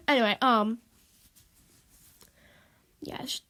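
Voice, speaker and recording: A woman's voice: on the high side, normal speed. A woman vlogging in a casual, rambling monologue, stuffy and sniffling, apologetic and repeating herself, recorded on a tablet. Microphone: tablet microphone.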